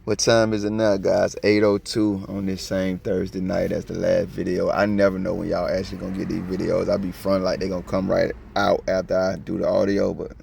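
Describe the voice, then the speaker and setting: A man from Georgia with a Southern accent, giving slangy, preachy video commentary that swings from soft to loud. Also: low-pitched, monotone, fairly quick, vocal fry, few pauses, slight background noise. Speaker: copwatch commentator.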